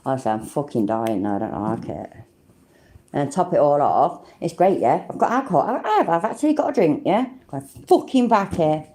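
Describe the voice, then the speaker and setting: A British woman hosts a casual livestream chat. Her voice is low and warm, and it swings widely in pitch as she chats and laughs. She swears freely and talks easily to her viewers. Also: sing-song, brisk. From Britain. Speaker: livestream host.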